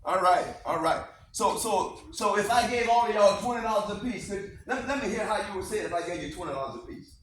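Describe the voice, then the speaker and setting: A man's voice: high-pitched, brisk, few pauses, fairly bright tone. A man giving a motivational speech to students in a classroom, emphatic and repetitive, leading call-and-response. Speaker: motivational speaker. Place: school classroom. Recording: echoey classroom from far off, faint noise.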